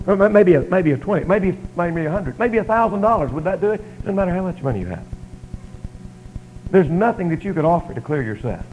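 A preacher delivers his sermon in a slightly higher man's voice. He leans hard on rhetorical questions, pushing some lines loud and dropping others low. The sound carries the flat color of a radio broadcast. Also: a little fast, poor audio. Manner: emphatic rhetorical questioning, rising and falling loudness.

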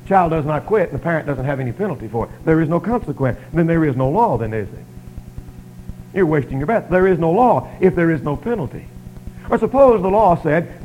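A man preaching a sermon, asking rhetorical questions and swinging between loud emphasis and quiet stretches. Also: a little high, expressive, a little fast, highs cut off. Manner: emphatic rhetorical questioning, rising and falling loudness.

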